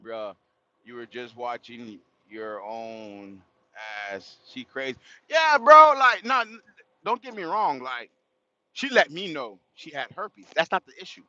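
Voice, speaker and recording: Animated slangy man, bright lo-fi voice. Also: medium pitch, measured pace. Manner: animated, slangy, laughs and exclaims often. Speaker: livestream host. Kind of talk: casual storytelling to a livestream chat. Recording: dull lo-fi sound.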